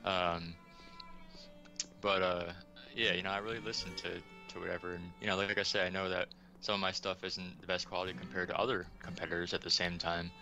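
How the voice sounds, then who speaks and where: A man's voice: low-pitched, flat delivery, fairly quick, sharp tone, soft background music. A man speaking as an interview guest, modest and rambling with plenty of fillers. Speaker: guest asset creator. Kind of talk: casual interview chat.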